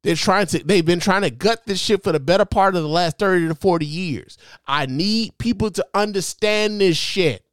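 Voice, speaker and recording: A man's voice: sits high, normal speed, hardly any pauses, a bit bright, dry recording. A man hosting his own podcast, giving impassioned, profane solo commentary with lots of repetition and emphasis into a close mic. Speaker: podcast host.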